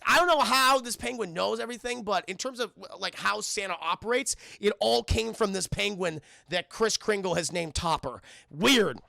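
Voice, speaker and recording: A young man recapping a film for his live chat, profane and excitable, constantly addressing the chat. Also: sits high, fairly quick, gravelly, few pauses, no echo, studio quality. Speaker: streamer reviewing a film. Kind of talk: casual livestream commentary.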